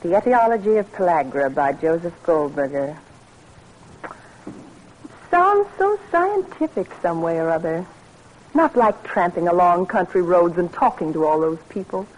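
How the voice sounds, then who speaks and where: An actress playing a loyal, devoted wife in a 1940s radio drama, speaking in a gentle, pleading way. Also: female voice, on the low side, animated, measured pace, slight background noise, low-quality recording. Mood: fond, proud.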